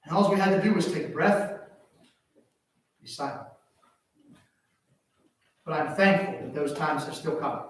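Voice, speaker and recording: A man preaching a sermon, telling a family story in an animated way that swings from hushed asides to loud exclamations. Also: fairly high pitch, a little slow, long pauses. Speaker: pastor. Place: church sanctuary. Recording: echoey church hall from far off.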